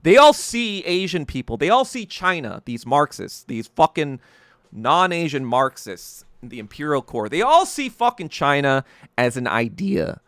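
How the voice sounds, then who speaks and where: A podcast host delivers a fired-up, profane monologue in a fairly high, bright male voice that swings widely up and down. He trips over his words and restarts them when agitated. The sound is clean and dry, with no room around it. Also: very animated, unhurried, dry recording. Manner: heated, profane ranting.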